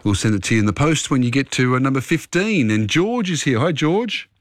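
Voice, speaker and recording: A man hosts a radio quiz from a studio mic, firing off questions with quick asides and casual fillers. His voice is middle-pitched and the sound is close and dry, with no room around it. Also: expressive, no room sound. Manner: brisk, friendly quizmaster, quick asides and fillers. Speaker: radio host. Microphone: studio microphone.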